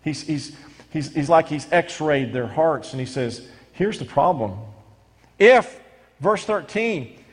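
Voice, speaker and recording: A middle-aged male pastor preaching a sermon, animated and stumbling into quick restarts as he reads scripture and explains it. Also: a little high, breathy edge. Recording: long hall reverb.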